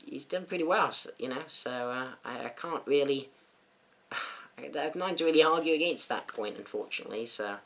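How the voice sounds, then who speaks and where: A man's voice: medium pitch, moderate pace, fairly bright tone. A young man in casual comedic commentary, dry and self-mocking, hesitant with many fillers. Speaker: YouTube host reading troll comments.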